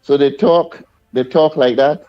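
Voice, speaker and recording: Insistent Trinidadian caller, muffled line. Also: male voice, medium pitch, fairly even intonation, unhurried. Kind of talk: phone-in call.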